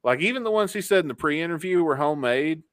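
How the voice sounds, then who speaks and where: A man's voice: on the high side, animated, fast talker, fairly bright tone, no echo. A man co-hosting a podcast, talking in a joking, casual way. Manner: joking, laughing often. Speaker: podcast host.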